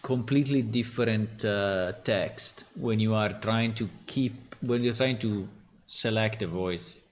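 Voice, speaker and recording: A man's voice: on the low side, measured pace, a little hiss or hum. A man, a game developer on a casual livestream, thinking aloud hesitantly with many fillers and tag questions. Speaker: game developer streaming his work.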